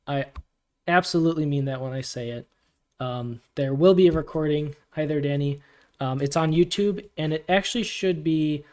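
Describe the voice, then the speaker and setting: Laid-back man hosting a livestream. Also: a little high. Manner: relaxed, laughs often, answers chat questions. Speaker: community AMA host. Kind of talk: casual livestream Q&A.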